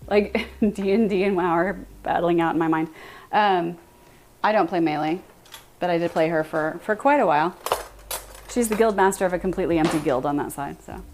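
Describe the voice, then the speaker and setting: A young American woman chatting casually with her viewers on a live stream, animated and quick to laugh. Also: on the low side, a little hiss or hum.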